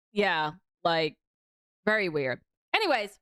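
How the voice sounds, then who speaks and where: A woman's voice: fairly high pitch, lively intonation, measured pace, pauses often, fairly bright tone, smooth, no echo. A young adult woman hosting a casual commentary livestream, talking bluntly with lots of swearing. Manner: blunt, profane, ranting. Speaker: stream host.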